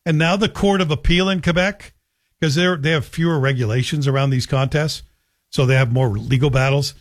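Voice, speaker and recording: A man's voice: a little high, a little fast. A middle-aged man hosting a talk radio show in a chatty, joking monologue. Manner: chatty, joking, self-deprecating. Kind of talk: casual monologue.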